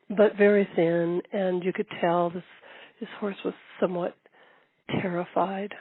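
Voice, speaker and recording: An older woman telling her story in a documentary interview, lively and repeating phrases for emphasis. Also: on the low side, unhurried, husky, dry recording, phone-quality sound. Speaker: long-distance horseback rider.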